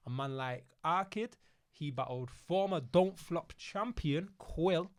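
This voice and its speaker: A young man with a Manchester accent co-hosting a casual chat show, slangy and quick to laugh. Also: a little high. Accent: Manchester English. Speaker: podcast co-host.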